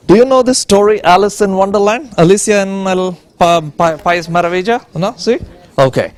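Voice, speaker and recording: A man's voice: high-pitched, a little mellow. A man giving a conference lecture on a handheld microphone, stopping often to ask the audience "okay?". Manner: keeps checking in with the audience, "okay?". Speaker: conference speaker on innovation. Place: conference room.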